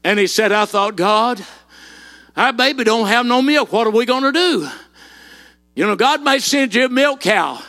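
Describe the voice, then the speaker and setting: A man preaching a sermon, telling folksy personal stories and rising into shouted emphasis on key lines. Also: extremely high pitch, expressive, normal speed.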